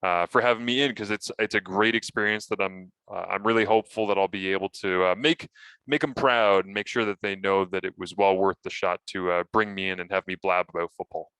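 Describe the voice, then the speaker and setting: A man co-hosting a casual sports podcast, telling animated stories and acting out his own broadcast lines. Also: sits low, brisk, clean tone, no room sound. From Canada.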